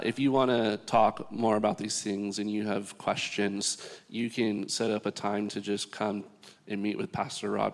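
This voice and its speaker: Low, gravelly man hosting in a hall. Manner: easygoing, filler-heavy, laughing. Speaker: church host leading a panel. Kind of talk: church panel talk.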